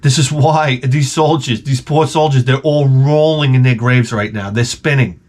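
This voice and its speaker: A middle-aged man in a rambling vlog, his voice at an ordinary middle pitch. He tells stories in a loose, profane way and keeps breaking into loud, mock-outraged exclamations. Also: moderate pace. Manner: excitable, profane, jokey, with sudden loud exclamations. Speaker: video game vlogger. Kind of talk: rambling casual storytelling.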